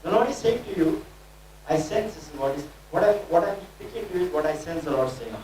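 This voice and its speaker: A man acting as a prophet, prophesying over individuals one by one in a slow, declamatory, proclaiming manner. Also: a little high, animated, a little mellow. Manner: declamatory, proclaiming scripture-laden decrees with slow emphatic phrases. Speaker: prophet leading a training session. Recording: very echoey room, distant mic, faint hum.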